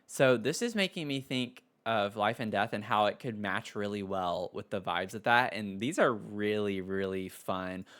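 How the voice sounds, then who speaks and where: A man's voice: on the low side, normal speed, few pauses, a bit bright, smooth. A man giving a casual voice-over review of game items, gushing and chatty, with frequent gasps and repeated words. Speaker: game content creator.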